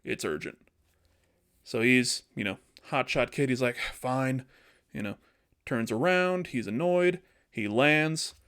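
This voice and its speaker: Male podcast host, casual storyteller, animated, pitches a plot, mid-pitch voice. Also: unhurried, smooth. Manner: animated, acting out characters.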